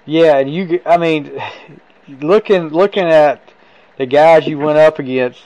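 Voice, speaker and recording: A man's voice: a little high, fairly even intonation, measured pace, darkish tone, no echo, highs cut off. A man hosting a sports talk interview, enthusiastic and affirming toward his guest. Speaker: sports talk show host.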